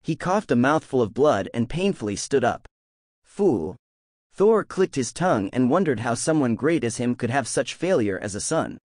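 A man reads a fantasy novel aloud as a fan audiobook narrator. His delivery is expressive with a wide, lively pitch. The recording is dry with no room sound. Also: normal speed, few pauses, dry recording.

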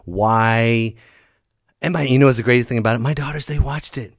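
Recently recovered from illness, the middle-aged comedy podcast host spins a story at a fairly quick clip, animatedly switching into loud, high-pitched character voices. The studio sound is clean, with no echo.

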